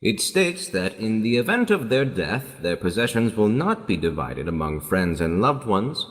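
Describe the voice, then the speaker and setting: A man officiating at a funeral in a solemn, measured way, making a formal announcement. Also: lowish voice, big pitch swings. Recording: long hall reverb.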